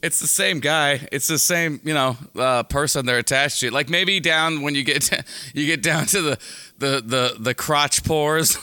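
A man's voice: a little high, unhurried, sharp tone, smooth. A man co-hosting a podcast in casual comedic banter, rambling and cutting himself off on jokey tangents. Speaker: podcast co-host.

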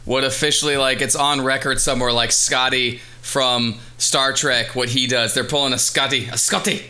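A man's voice: medium pitch, fairly even intonation, moderate pace, pushed and bright. A man co-hosting a casual comedy chat, rambling and joking with lots of restarts, acting out little voices. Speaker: podcast co-host.

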